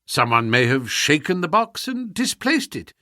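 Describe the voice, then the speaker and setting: A man reading the part of a calm detective, speaking in a measured, even way. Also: a little high, no echo, studio quality. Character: calm, cool male detective.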